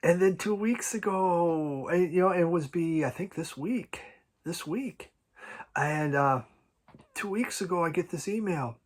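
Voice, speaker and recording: Rambling, halting male vinyl collector. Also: on the high side. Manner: halting, many restarts and repeated words; chatty, chuckles often, talks to his cat. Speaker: vinyl record collecting vlogger. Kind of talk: casual rambling chat. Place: at home with his cat and records.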